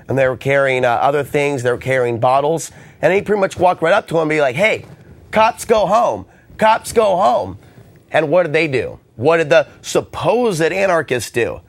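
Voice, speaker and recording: A man hosting a call-in radio talk show, hoarse and ranting with passion. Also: medium pitch. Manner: impassioned, ranting.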